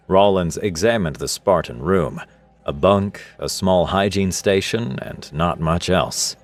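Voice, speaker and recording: A man reading a scripted science-fiction story in a steady, expressive way. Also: sits low, normal speed. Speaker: narrator. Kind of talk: scripted sci-fi story narration. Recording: narration over faint music. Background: faint music.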